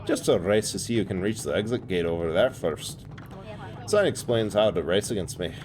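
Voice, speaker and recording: A man's voice: deep voice, lively intonation, moderate pace. A man reading a cocky male demon gatekeeper from a video game, putting on a Scottish accent and a brash, folksy manner. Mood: challenging. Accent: put-on Scottish. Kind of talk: reading game dialogue aloud in a voice.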